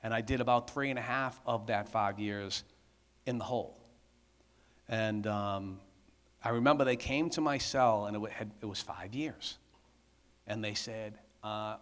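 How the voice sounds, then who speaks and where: A man's voice: on the low side, normal speed, fairly bright tone, long reverb tail. A middle-aged man, giving a candid personal testimony at a men's conference, talking conversationally with frequent asides. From Massachusetts.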